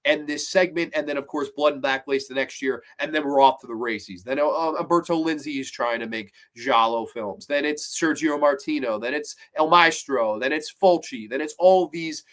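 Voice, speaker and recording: Guy reviewing horror flicks, kinda high voice, hyped and rambly, cusses a bit. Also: normal speed, hardly any pauses, fairly bright tone. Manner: enthusiastic, rambling, with swearing. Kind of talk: casual film review.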